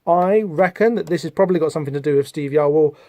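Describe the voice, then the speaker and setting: A man's voice: on the high side, fast, a little mellow, dry recording. Man discussing comics, dry close sound. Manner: thoughtful, digressive, many fillers. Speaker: podcast host. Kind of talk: comic book discussion podcast.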